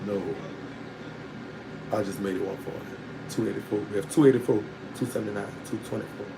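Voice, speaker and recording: A man's voice: fairly low pitch, a little fast, gravelly, background noise. Candid man telling a story. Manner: animated and candid, breaking into laughter. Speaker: storytelling vlogger. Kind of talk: casual storytelling to an online audience.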